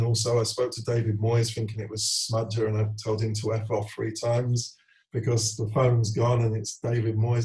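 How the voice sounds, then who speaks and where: A man in his forties speaks candidly in an interview, going back over his career as a footballer. His voice sits a little low and sounds mellow and dark. He tells it earnestly and slips into other people's voices as he quotes them. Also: monotone, moderate pace, poor audio.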